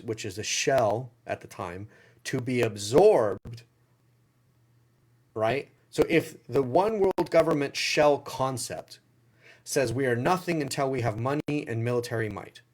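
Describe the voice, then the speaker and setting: A man with a Southern US accent talks through a live Q&A at a mid pitch. He rambles, doubles back and repeats phrases as he reads viewer comments and answers them. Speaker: livestream Q&A host. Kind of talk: casual livestream chat.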